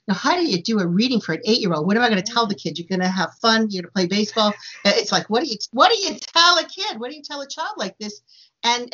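A woman working as a psychic medium, telling stories in casual conversation, with halting starts and plenty of fillers. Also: a little high, highs cut off. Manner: halting starts, many fillers, animated retelling. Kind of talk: conversational storytelling.

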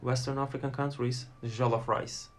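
A man's voice: medium pitch, little pitch movement, moderate pace, a little hiss or hum. A Turkish man with a Turkish accent, chatting in an interview about his airline work, storytelling with many fillers and acted-out quotes. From Turkey. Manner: storytelling, acts out passengers' lines, many fillers. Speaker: flight attendant guest. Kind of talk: casual interview chat.

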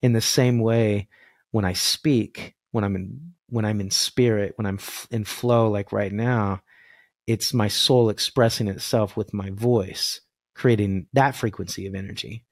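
Earnest man with a lower voice, dry sound. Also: no room sound. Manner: earnest, spiritual, animated storytelling. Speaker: voice coach. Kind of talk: reflective podcast conversation.

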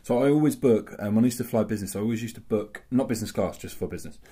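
Male podcast co-host, quick-talking, fond of swearing and acting out voices in anecdotes. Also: fairly low pitch, mellow, husky. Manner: swears freely and acts out quoted voices in anecdotes. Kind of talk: casual chat.

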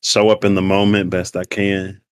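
A man co-hosting a casual spiritual chat, animated and playful, laughing often as he talks. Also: low-pitched, moderate pace, clear, resonant tone, no echo. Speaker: podcast co-host.

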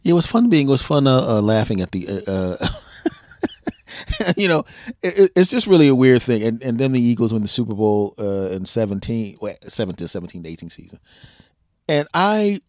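Animated man telling sports stories. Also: medium pitch, moderate pace, no room sound, studio quality. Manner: animated storyteller, frequent restarts, laughs at own jokes. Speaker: podcast guest. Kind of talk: casual sports banter.

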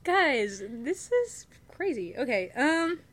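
A woman's voice: high voice, sing-song, slow. A young woman chatting as a podcast guest, giggling often, nervous and swearing freely. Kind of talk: casual chat.

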